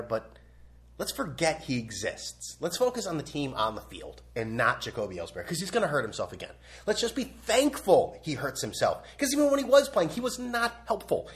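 A young man hosting a sports podcast, rambling and sarcastic in a casual opinion rant, blunt and full of restarts. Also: a little high.

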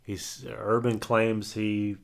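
Low-voiced man rambling casually. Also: level tone, slow, creaky. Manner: rambling, hesitant with many fillers. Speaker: podcast co-host. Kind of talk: casual sports chat.

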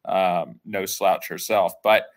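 A man hosting a casual film podcast, talking in a relaxed, chatty way with many fillers. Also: sits low, slow. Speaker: podcast host.

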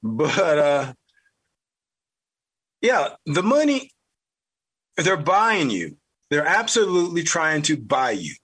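A man with a Southern US accent, hosting a podcast with blunt, fired-up political commentary, mild cursing and a husky voice. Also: fairly high pitch, very animated, slow, long pauses, fairly bright tone. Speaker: podcast host.

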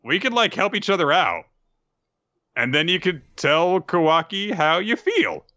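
A man's voice: medium pitch, big pitch swings, normal speed, bright, forceful tone, no room sound. A man reading the lines of a laid-back young male ninja strategist, casual and eager, on a dull, dry lo-fi recording.

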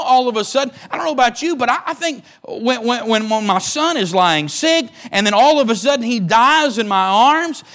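Pastor, male, very high voice, emphatic sermon delivery with repeated words and call-outs to the congregation. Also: fairly bright tone.

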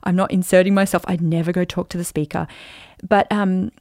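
A woman in her forties hosting a podcast, telling a personal story in an animated, chatty way with lots of fillers. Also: lowish voice, fairly quick, no room sound, studio quality. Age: 40s. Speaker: podcast host.

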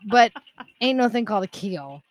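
A woman's voice: mid-range voice, normal speed, no echo, clean studio sound. A woman co-hosting a podcast, telling stories in casual chat with lots of fillers and restarts. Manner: animated storyteller, lots of "like" and restarts.

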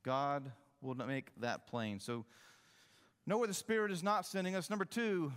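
A man's voice: steady tone, normal speed, a bit bright, clear, resonant tone, long reverb tail. A man preaching a sermon as pastor, with emphatic delivery that rises and falls. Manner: emphatic preaching, rising and falling in pitch.

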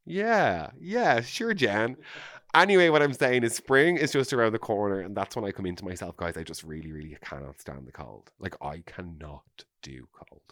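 A man's voice: sits low, fairly quick, a bit bright, no echo, studio quality. A man hosting a podcast in casual chat, gushing and exclamatory, full of "amazing" and "oh my God". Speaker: podcast host.

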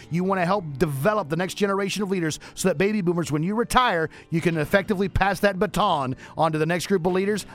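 A man hosting a radio show, wrapping up with energetic, motivational promotion. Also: high voice. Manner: energetic, preachy motivational delivery.

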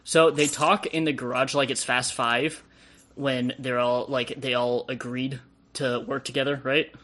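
A man's voice: mid-range voice, level tone, a little slow, a bit bright. A young man joining a casual movie review chat as a guest, hesitant and chuckling as he asks about scenes. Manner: hesitant, chuckling between questions.

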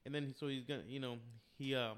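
A man in his thirties telling a story in casual chat, animated and often breaking into laughter. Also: mid-range voice, fast, smooth.

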